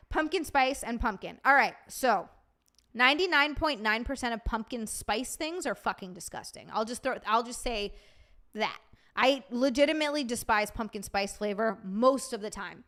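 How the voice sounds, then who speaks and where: Lady streamer chatting w her viewers, high voice, swears a lot, super animated. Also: normal speed. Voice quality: animated, swears freely, reacts to chat. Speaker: streamer host. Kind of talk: casual livestream chat reading viewer comments.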